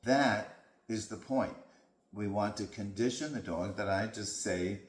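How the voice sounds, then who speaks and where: A male dog trainer explains his methods in a calm, patient voice. He speaks slowly, with a fairly low pitch. The room around him is echoey. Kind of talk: instructional talk.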